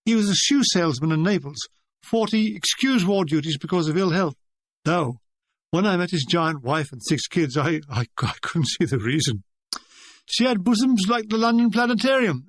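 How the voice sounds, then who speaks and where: An older man reads his own memoir in a high, lively voice, tossing off jokes with a wry, deadpan touch. The sound is dry and close, with no room around it. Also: no room sound. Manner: wry, deadpan comic delivery. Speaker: author reading his memoir. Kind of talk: audiobook narration.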